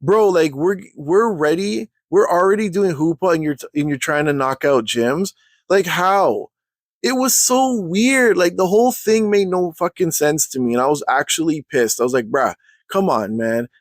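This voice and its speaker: A man in a casual storytime rant, heated and slangy, clearly exasperated. His voice sits a little high for a man, and the recording is close and dry with no room sound. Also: animated, normal speed, no room sound. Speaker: vlogger telling a story.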